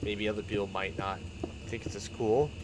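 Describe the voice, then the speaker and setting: A young man chatting casually on his stream, rambling and excitable, often laughing and restarting his sentences. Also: on the low side, normal speed, noisy background. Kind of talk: casual chat while building in a game stream.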